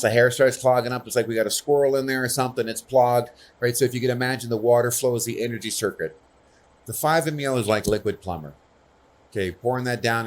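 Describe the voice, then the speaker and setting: A man speaking earnestly and personally at a conference, often checking in with the audience. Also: lowish voice. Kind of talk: conversational conference talk.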